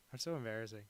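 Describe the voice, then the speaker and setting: A man streaming live as a cartoonist, chatting casually while he draws and rambling through deadpan jokes. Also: lowish voice, clean tone.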